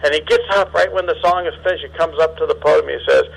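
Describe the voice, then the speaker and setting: A man's voice: fairly high pitch, steady tone, rapid-fire, vocal fry, few pauses, a bit bright, poor audio. A man giving a sermon as a circuit overseer, asking his audience questions and chuckling often. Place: meeting hall before an audience.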